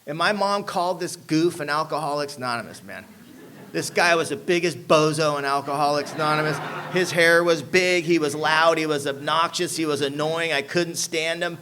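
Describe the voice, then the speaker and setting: A man's voice: fairly high pitch, normal speed, sharp tone. Emphatic man telling his recovery story. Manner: emphatic storyteller, drops frequent "man" and "you know what I'm saying". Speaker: speaker sharing a recovery story. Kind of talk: personal testimony talk to an audience.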